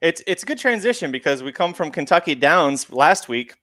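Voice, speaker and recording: Fast-talking playful male podcast host. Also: fairly high pitch, big pitch swings, bright, forceful tone, dry recording, studio quality. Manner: chatty, playful, lots of filler. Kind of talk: casual chat about horse racing.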